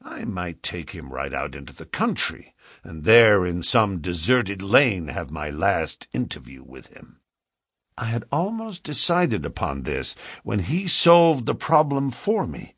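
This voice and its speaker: A man's voice: deep voice, very animated, a little slow, a bit bright, slightly rough, no echo, clean studio sound. A man reading a classic novel aloud as dramatic first-person narration. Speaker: audiobook narrator.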